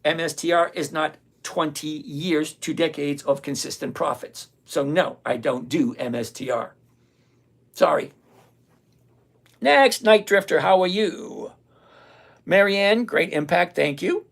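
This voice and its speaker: This gravelly, mid-range voice belongs to an older retired investor hosting a live stream, and it runs a little slow. Chatting casually, the host reads viewer comments out loud and answers them with blunt sarcasm, frequently repeating phrases for emphasis.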